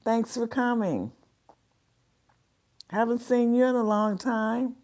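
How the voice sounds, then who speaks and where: Her voice is a little high but darkish, steady in tone and slow in pace. She's a livestream host chatting casually with her chat and greeting viewers by name, a bit congested from stuffy sinuses.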